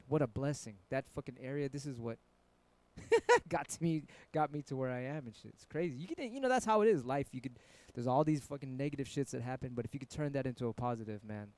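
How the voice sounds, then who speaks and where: This middle-aged man from San Francisco has a medium-pitched, dark voice. On his live stream he shoots the breeze with viewers in a relaxed way, drifting through long-winded, curse-laden stories.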